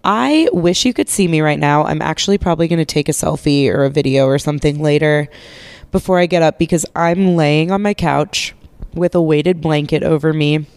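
Host, young adult woman, stuffy and nasal from a cold, chatty and self-mocking, smooth tone, dry close mic. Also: sits low, moderate pace, a little mellow, no echo. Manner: rambling, chatty, swears casually, self-mocking. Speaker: podcast host. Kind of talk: casual solo podcast chat. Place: living room couch, lying under a blanket. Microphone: podcast microphone held while lying down.

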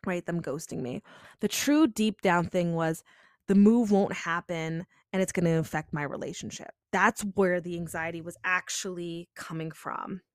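A woman's voice: on the low side, no room sound, clean studio sound. A young woman hosting a podcast, telling a personal story in a chatty, confessional way, full of "like" and "you know.". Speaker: podcast host.

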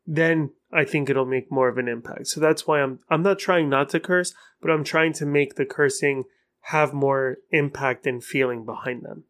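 A man hosting his own podcast, talking alone in a rambling, frank way and cursing for emphasis. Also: fairly high pitch. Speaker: podcast host. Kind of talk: casual solo podcast monologue.

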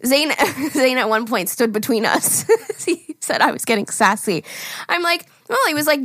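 A young woman with a fairly high voice tells a story in a casual podcast chat. She acts out what others said, laughs often, and sounds dry and close to the mic. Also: expressive, normal speed, fairly bright tone, no echo. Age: young adult. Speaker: podcast co-host.

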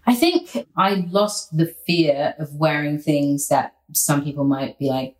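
A woman, an actress and singer, chatting in a relaxed, upbeat way as an interview guest. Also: deep voice, unhurried. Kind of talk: casual interview chat. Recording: roomy echo.

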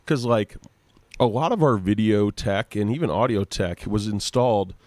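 Sleepy low-voiced man on a call. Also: normal speed, a little mellow, no room sound. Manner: rambling, sleepy, searching for words. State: just woken up. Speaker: podcast co-host and guitar effects artist. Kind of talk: casual chat. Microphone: joining over the internet.

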